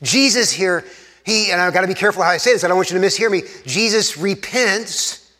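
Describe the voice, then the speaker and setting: A man, an Anglican pastor, preaching an earnest sermon in a church, sometimes dropping to hushed tones for emphasis. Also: high-pitched, brisk. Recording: long reverb of a church hall.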